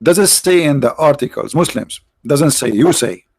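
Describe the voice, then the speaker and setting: Sarcastic and mocking, this male live-stream host keeps throwing out rhetorical questions, sounding expressive at a moderate pace. His voice is a little high and tired yet darkish in tone, with occasional throat-clearing, all recorded dry and close without room sound.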